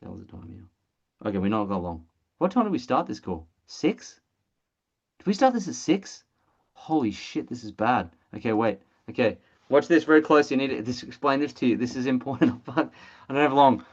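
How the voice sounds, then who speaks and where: Excitable presenter on a dull lo-fi call. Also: mid-range voice, fairly quick. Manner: blunt, excitable, swears casually. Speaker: presenter of an online training call. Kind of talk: energetic sales training webinar. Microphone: video call.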